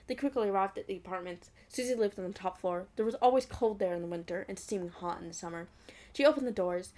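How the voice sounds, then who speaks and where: A young woman reading a fan fiction aloud at an ordinary pitch. She keeps breaking off with giggly, mocking asides about the story. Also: quick pace, mellow. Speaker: fanfic reader.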